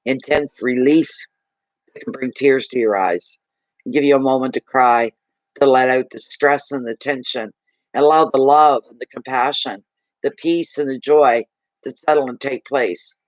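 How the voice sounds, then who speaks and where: A man giving a live tarot card reading, gushing and emotional, slow and soothing. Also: medium pitch, fairly even intonation, no echo, muffled recording.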